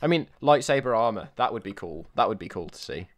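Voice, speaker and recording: Low voiced young guy rambling on a podcast, lots of likes, jokey. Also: animated, a little fast. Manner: rambling, lots of "like" and restarts, joking. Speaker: podcast co-host. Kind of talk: casual chat.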